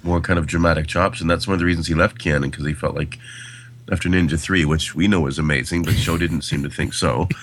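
A man co-hosts a podcast and talks loosely about a film, piling on fillers and restarts. His voice sits very low. A faint hum runs under the recording. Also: fairly even intonation, fast talker. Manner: rambling, many fillers and restarts. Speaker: podcast co-host. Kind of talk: casual film discussion.

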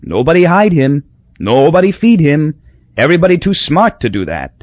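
A pious, cagey island taxi driver answers in short bursts of broken English, as a man voices him. The voice is lifted and husky, recorded dull and dry. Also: a little high, sing-song, moderate pace, no room sound, pitched above the performer's own voice.

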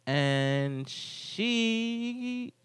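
A man's voice: extremely high pitch, lively intonation, extremely slow, fairly bright tone, clear, resonant tone, dry recording. A young man hosting a casual podcast chat, telling rambling stories full of filler words. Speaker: podcast host.

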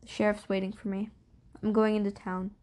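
Woman reading a stern storybook dad, terse and heavy, quiet delivery. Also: mid-range voice, level tone, fairly quick, natural voice. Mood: grave. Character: grave stern father, head of the household.

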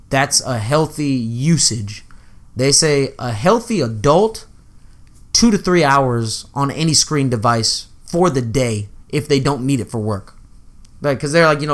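A man's voice: mid-range voice, a bit bright. Laid-back young man, casual podcast. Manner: loose and profane, laughs often, acts out movie quotes. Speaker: podcast host.

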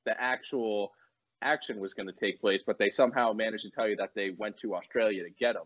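A man's voice: fairly low pitch, brisk, a bit bright. A man joking and laughing as he critiques a movie in a casual podcast chat. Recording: dull lo-fi sound.

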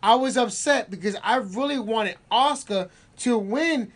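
A man's voice: very high-pitched, normal speed. A man giving opinions in a casual podcast chat, often asking "you know what I mean". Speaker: podcast co-host.

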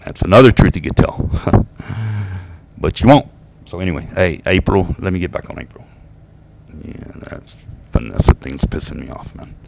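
A man's voice: low-pitched, lively intonation, moderate pace, creaky, long pauses, very noisy. A man talking straight to the camera in a rambling, profane monologue, swearing often and laughing at his own jokes. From United States. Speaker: vlogger venting about exes.

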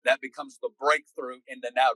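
A man's voice: mid-range voice, flat delivery, a little fast, sharp tone, no room sound, low-quality recording. A man as a podcast guest, preaching in an impassioned, exhorting way. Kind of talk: fervent preaching in conversation.

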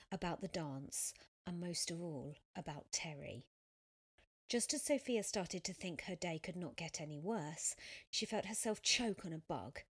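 A woman reading a story aloud as narrator, in a measured, even voice. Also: on the low side. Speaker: audiobook narrator. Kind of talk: scripted narration.

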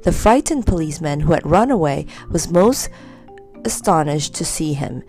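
A woman reading a children's story aloud in a lively, expressive way. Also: low voice, moderate pace, faint music behind.

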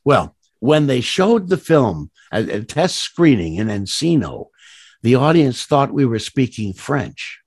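Animated storytelling man, dry sound. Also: medium pitch, measured pace, husky, dry recording. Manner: rambling, many fillers and restarts; animated, laughs at his own stories. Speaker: voice actor guest. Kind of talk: storytelling interview anecdotes.

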